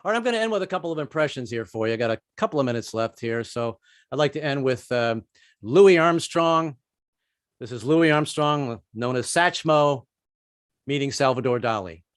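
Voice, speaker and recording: A man's voice: medium pitch, lively intonation, clean tone, dry recording, studio quality. A man doing a stand-up comedy set, stammering and repeating words before landing his jokes. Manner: halting, repeats words, drops into quick bits. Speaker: stand-up comic.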